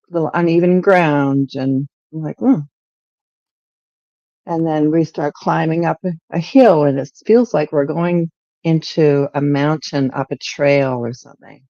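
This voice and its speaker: A middle-aged woman, a podcast guest, telling a story in an animated, lively way and acting out her own lines. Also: low voice, no echo, lo-fi sound. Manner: animated, lively retelling with acted-out quotes. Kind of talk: storytelling in an interview.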